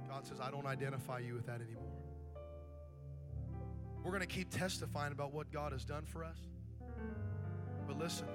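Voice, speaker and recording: A man preaching a pentecostal sermon as pastor, moving from quiet, intense passages to shouted, soaring preaching. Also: mid-range voice. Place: church sanctuary. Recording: live church with organ music behind. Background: music.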